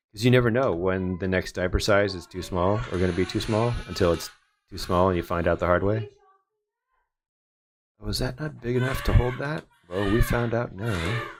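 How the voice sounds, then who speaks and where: A man's voice: low voice, a little hiss or hum. A man in his thirties, a photographer chatting casually and rambling with joking asides while he works at his computer. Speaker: photographer doing a livestream. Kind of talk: casual chat while working.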